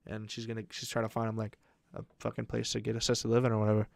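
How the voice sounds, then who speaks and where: A man's voice: lowish voice, monotone, rapid-fire, vocal fry, dry recording. A young man on a podcast telling a long family story in casual chat, rambling with lots of fillers and swearing. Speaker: podcast co-host.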